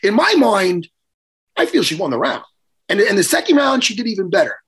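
A middle-aged man, hoarse from losing his voice, telling a story in casual, profane chat and acting out quotes. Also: high-pitched, fairly quick. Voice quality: hoarse, worn voice. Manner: animated, profane, acts out quotes. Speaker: podcast host.

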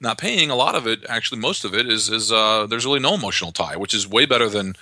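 A man being interviewed as a real estate investor, explaining in an animated way with lots of restarts. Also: on the low side, fast talker, no room sound. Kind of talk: conversational podcast interview.

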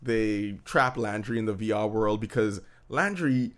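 A man's voice: on the low side, a little slow, fairly bright tone. Man in profane, joking casual banter. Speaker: podcast co-host. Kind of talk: casual chat reviewing a TV episode.

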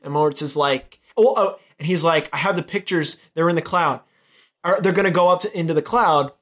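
A young man in casual conversation, recounting a movie scene by scene. His voice sits a little high for a man, and he drops into quick impressions of the characters as he goes. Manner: animated retelling, acting out characters' lines. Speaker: podcast co-host. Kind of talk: casual movie recap chat.

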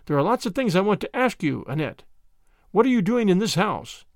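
A man's voice: sits high, sing-song, brisk, dry recording, clean studio sound. A man voicing a cheeky young English adventurer who talks in a jaunty, joking, mock-grand manner. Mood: eager. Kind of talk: audiobook character voice.

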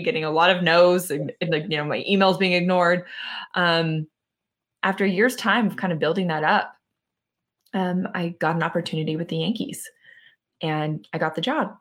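This podcast guest is a woman in her thirties who works as a mental conditioning coach, and her voice is fairly low. She recounts something from her own life with lively delivery and lots of fillers.

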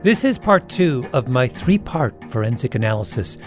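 A man's voice: medium pitch, very animated, normal speed, faint music behind. A man hosting a podcast, delivering scripted storytelling narration in a wry, dramatic way. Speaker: podcast host.

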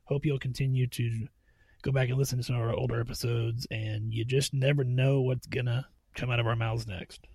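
A man's voice: medium pitch, level tone, a little fast, darkish tone, husky, no echo. A man co-hosting a podcast in casual chat, upbeat and laughing often. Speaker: podcast co-host.

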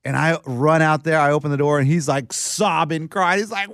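A man co-hosting a radio show, telling a story with lively acted-out quotes in casual banter. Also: a little high, fairly quick, hardly any pauses, dry recording, studio quality. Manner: animated storyteller, acts out quotes.

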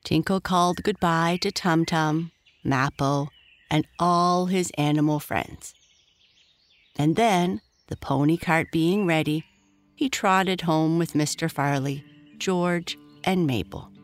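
A gentle storyteller reads a children's bedtime tale in an even, middle-pitched voice. The sound is dry and close to the mic. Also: takes it slowly, no room sound. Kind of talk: scripted storybook narration.

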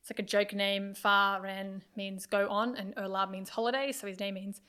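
A woman's voice: mid-range voice, level tone, normal speed, pushed and bright, clear, resonant tone. A woman, chatting enthusiastically as a podcast guest and telling a story with many fillers. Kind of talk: casual chat.

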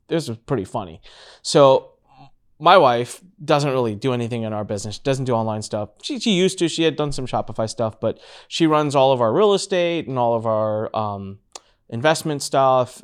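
A man hosting a casual business talk, telling stories with lively acted-out quotes. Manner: animated storyteller, acts out quotes with big pitch jumps. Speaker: podcast host.

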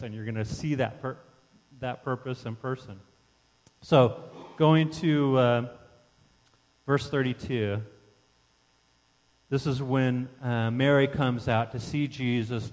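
A man's voice: medium pitch, fairly even intonation, measured pace, darkish tone, big-room sound, low-quality recording. A man preaching a sermon as pastor, talking conversationally with rhetorical questions and frequent restarts.

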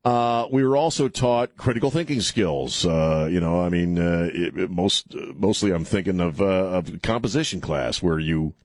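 Middle-aged male talk radio host, low husky voice, rambling sarcastic monologue. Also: moderate pace, few pauses, no room sound, clean studio sound. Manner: rambling and sarcastic, with frequent restarts. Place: radio studio.

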